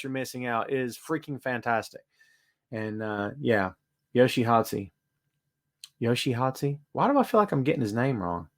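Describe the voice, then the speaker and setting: A man hosting a casual live-stream podcast from his home studio, chatting and greeting viewers by name. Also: mid-range voice. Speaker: podcast host.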